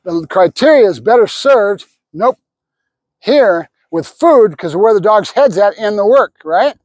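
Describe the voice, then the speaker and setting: A dog trainer, a man with a notably high voice, talks through a hands-on training session. He mixes explanation with quick praise words for the dog. The sound is dry and close, with little room echo. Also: animated, darkish tone. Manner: explains while giving the dog short praise cues.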